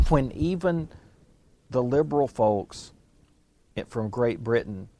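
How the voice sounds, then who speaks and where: A male radio co-host in relaxed on-air chat, wry and easygoing, with a mid-pitched voice. He tells anecdotes with a dry sense of humor. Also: slow, slight background noise. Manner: chatty, wry, laughs easily. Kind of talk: casual political talk radio.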